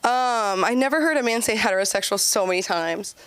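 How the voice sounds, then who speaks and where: A woman's voice: mid-range voice, lively intonation, fairly quick, fairly bright tone, smooth, no room sound. A woman doing open mic stand-up comedy on a club stage, chatty and giggly, with lots of "like" in her speech. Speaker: stand-up comic and show host.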